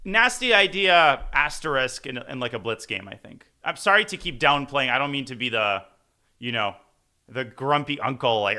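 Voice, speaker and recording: Bright-voiced playful male chess commentator. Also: mid-range voice, animated. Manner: playful, rambling, quick jokes. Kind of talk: casual live commentary.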